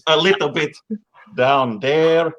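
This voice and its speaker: A man's voice: slow, fairly bright tone, dull audio. A man voicing a goofy, boastful, aging European ex-wrestler, in a rambling, hammy comedy bit. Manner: hammy, rambling, with big pitch swings. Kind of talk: comedic character bit on a live stream.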